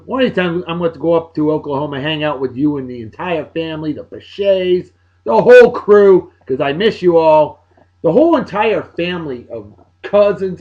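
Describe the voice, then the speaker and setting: A man, hosting a show and giving chatty, upbeat shout-outs with playful asides. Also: fairly high pitch, highs cut off. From Massachusetts, USA. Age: 40s. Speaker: video show host. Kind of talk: casual birthday shout-outs.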